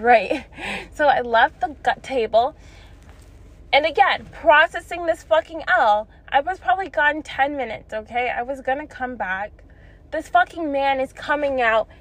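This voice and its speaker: A young woman vlogger with a high-sitting voice at a moderate pace tells a story. It comes out as a blunt, profane, casual rant, and she laughs between lines.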